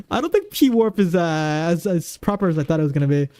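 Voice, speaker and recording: Male streamer, pitched high with a warm tone, chatty and rambling as he answers his viewers. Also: big pitch swings, brisk, no echo. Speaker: game streamer. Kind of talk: casual live-stream chat. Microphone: desk microphone.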